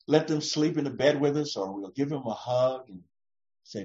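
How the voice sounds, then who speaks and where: A woman's voice: a bass voice, moderate pace. A woman pastor giving a conversational, reassuring sermon, acting out short voices as she goes. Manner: warm, reassuring, often acts out voices. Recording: dull lo-fi recording.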